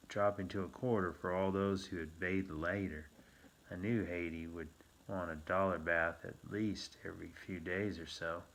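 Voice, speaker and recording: A man with a very low, deep voice narrating an adventure novel in the first person. His delivery is measured and steady, like a seasoned audiobook reader. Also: slight background noise.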